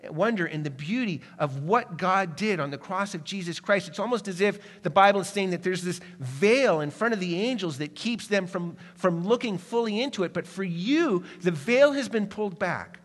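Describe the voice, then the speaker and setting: A man preaching a sermon, moving from quick, urgent passages to slow, hushed ones. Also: sits high, expressive. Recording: long hall reverb.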